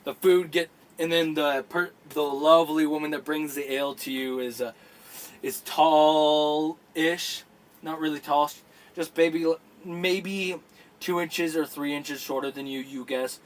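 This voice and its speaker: A man narrating a tabletop game as dungeon master, in a halting, casual way with many fillers. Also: fairly high pitch, steady tone.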